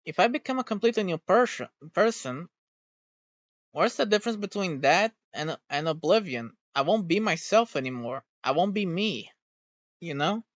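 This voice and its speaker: A VTuber streamer chatting casually in a rambling way, swearing freely and getting irritated quickly. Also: mid-range voice, expressive, no echo. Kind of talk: casual stream reaction chat. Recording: dull, dry home recording.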